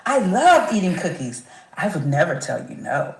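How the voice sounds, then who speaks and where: A woman's voice: fairly low pitch, sing-song, moderate pace. A woman voicing a caring man who reassures and comforts. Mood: soothing. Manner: soothing, reassuring. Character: caring smooth-talking male engineer. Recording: roomy echo.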